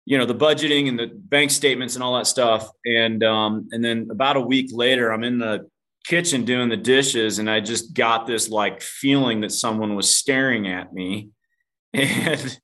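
A podcast guest with a medium-pitched, slightly bright voice recounts something from his own life with candor. He mocks himself, drops casual swears, and keeps calling the host "dude."

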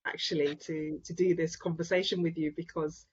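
A woman who is a guest author at an online book event, speaking softly and effusively with halting fillers. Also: deep voice, level tone, slightly rough. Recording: dull lo-fi call audio.

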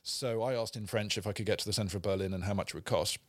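A man's voice: fairly low pitch, quick pace, no echo, clean studio sound. An English man co-hosting a podcast, telling rambling, self-deprecating travel stories in casual chat. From England. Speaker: podcast co-host. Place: studio.

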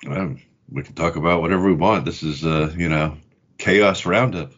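A man hosting a podcast in casual chat, low-key and unhurried. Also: a bit bright, lo-fi sound. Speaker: podcast host.

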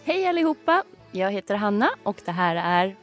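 A woman's voice: mid-range voice, big pitch swings, fairly quick, music in the background. A Swedish woman teaching Swedish on a lesson podcast, encouraging and praising her co-host.

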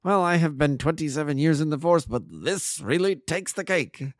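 A man's voice: medium pitch, very animated, a little fast, warm tone, no echo, studio quality, natural voice. A man voicing a hearty middle-aged male police inspector, jovial and officious.

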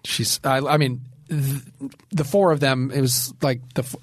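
A man co-hosting a podcast in casual chat, upbeat and wry, tossing in quick quips. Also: mid-range voice, steady tone, no room sound. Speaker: podcast co-host.

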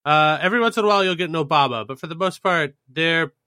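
A man's voice: on the high side, fast talker, sharp tone, clear, resonant tone, no room sound, studio quality. A man co-hosting a casual political chat, wry and joking. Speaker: podcast co-host.

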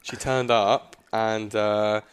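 Man, casual chat, animated storytelling, swears a lot. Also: lowish voice, slow, clean tone. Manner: animated anecdote teller, swears freely. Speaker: podcast host.

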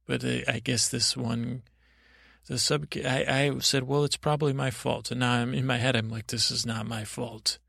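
A man with a heavily gravelly, fry-laden voice drifts through a bedtime story in a near-monotone. He meanders and stumbles through restarts and asides. The sound is close and dry, with no room around it. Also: medium pitch, normal speed, no room sound. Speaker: podcast host.

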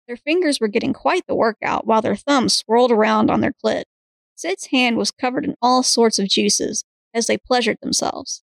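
A woman with a raised voice and a gravelly fry reads a story aloud at a steady pace. The recording is dry and close, with no room sound. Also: a little high, no echo, poor audio. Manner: steady reading, breaks into laughs. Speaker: podcast co-host and story reader. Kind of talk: reading erotic fiction aloud.

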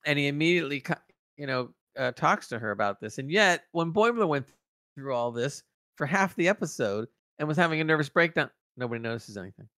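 Bright-voiced male podcast co-host, dry sound. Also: a little high, dry recording. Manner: animated, quick to interject and argue a point. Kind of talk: casual review chat.

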